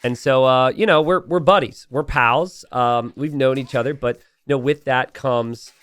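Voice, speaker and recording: A man's voice: medium pitch, a little slow, fairly bright tone, smooth, no echo. A young adult man giving casual, chatty commentary over a strategy game replay, telling the story with plenty of "uh" fillers.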